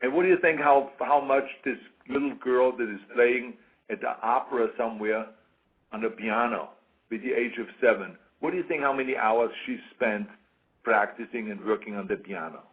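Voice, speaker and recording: A man's voice: medium pitch, moderate pace. A man giving an interview in a casual, emphatic way, repeating his points over and over. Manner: emphatic, repeats points, acts out quoted voices. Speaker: interview guest. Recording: tinny phone-like radio sound.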